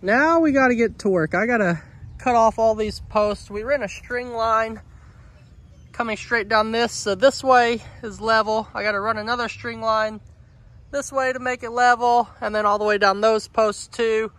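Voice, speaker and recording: A man talking warmly to his animals on a rural homestead, then narrating his building work. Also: sits high, steady tone, moderate pace. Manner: affectionate baby talk to animals, then practical narration. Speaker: homesteading vlogger. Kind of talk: casual vlog talk to animals and camera. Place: outdoors on a rural farm.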